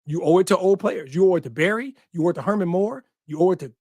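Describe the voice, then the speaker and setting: Speaking quickly in a high-pitched voice with a darkish tone, a sports podcast host delivers passionate commentary, repeating punchy lines and cursing occasionally. There's no room sound in the recording.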